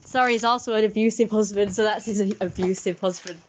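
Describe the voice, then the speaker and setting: A woman's voice: mid-range voice, fairly even intonation, fast talker, a little hiss or hum. Swearing chatty woman vlogger. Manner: swearing, chatty, laughing at own jokes. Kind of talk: rambling casual vlog.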